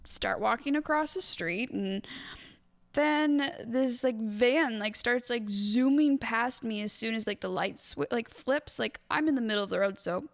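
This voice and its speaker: A young woman with a high voice co-hosts a casual podcast. She tells a rambling story, swears freely and laughs often. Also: a little slow. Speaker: podcast co-host. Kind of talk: casual chat.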